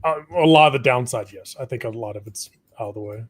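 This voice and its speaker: A man's voice: medium pitch, quick pace, breathy edge. Chill guy chatting markets on a live stream, laughs a lot, trails off. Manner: laid-back, laughs often, trails off mid-sentence. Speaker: co-host of a live trading stream. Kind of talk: casual market chat.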